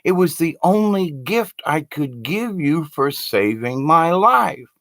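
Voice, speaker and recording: Gentle shape-shifting rattlesnake, read by a male narrator; calm, sincere, dry sound. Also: fairly high pitch, slow pace, no room sound, exaggerated voice. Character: gentle male rattlesnake who becomes a young man.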